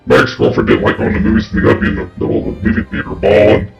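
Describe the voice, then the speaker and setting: Gravelly low-voiced male streamer. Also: lively intonation, rapid-fire. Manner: chatty, swears casually. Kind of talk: casual gaming stream chat. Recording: dull lo-fi mic with faint game music.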